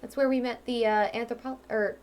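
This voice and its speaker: A let's-play host from Ohio, USA, the young woman keeps up a chatty, rambling stream of talk over her gameplay, sprinkling in "um" and "like" and laughing readily. Her fairly high voice is a little mellow, brisk, with fairly even intonation.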